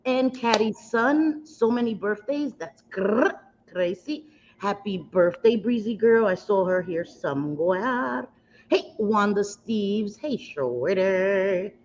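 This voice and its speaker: A beauty livestream host chats at length while doing her makeup, greeting viewers with pet names in a rambling, self-mocking way. Her voice is medium in pitch and a little mellow, with lively intonation and a slow pace. The lo-fi stream audio sounds slightly dull, with a bit of hiss or hum.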